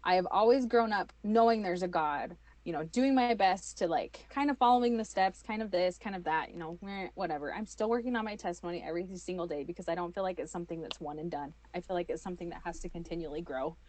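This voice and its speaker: A woman, telling her own story as an interview guest, animated and full of fillers. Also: on the low side, fast talker, few pauses, no echo. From United States. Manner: animated, acts out quoted voices, many fillers.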